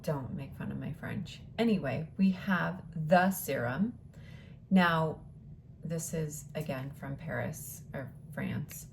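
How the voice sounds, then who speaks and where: Slow, chatty woman unboxing products. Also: low voice, creaky, a little hiss or hum. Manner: chatty, thinks aloud, drops into whispers. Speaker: unboxing vlogger.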